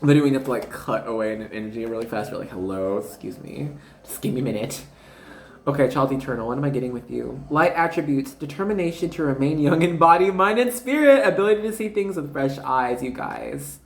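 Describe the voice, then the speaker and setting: A woman's voice: low voice, fast talker, hardly any pauses. A woman giving a casual spiritual card reading, rambling and slangy, constantly talking to her viewers as "you guys.". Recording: roomy echo.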